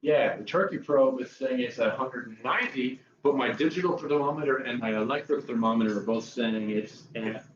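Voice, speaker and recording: A man's voice: brisk, few pauses, a crowd in the background. A man from Northern Virginia hosting a casual stream, joking as he brews and cooks. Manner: joking, puts on silly high voices. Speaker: stream host brewing and cooking. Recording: roomy, dull home mic.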